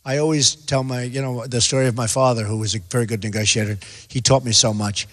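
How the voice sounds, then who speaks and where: A man's voice: mid-range voice, fairly even intonation, fast talker, fairly bright tone, slight background noise. A man giving rambling, repetitive, emphatic answers as a candidate fielding questions. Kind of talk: rambling stump-speech answers. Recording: echoey hall.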